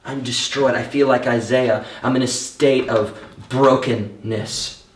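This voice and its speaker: A man preaching a sermon, telling his own story in an animated way and acting out the thoughts he had back then. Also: mid-range voice, slow pace. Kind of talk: sermon with personal testimony. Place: church hall. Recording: echoey room, mic at a distance.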